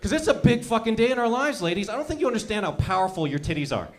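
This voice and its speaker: Profane, high-pitched stand-up comedian man. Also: racing. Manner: profane, rambling, animated storytelling.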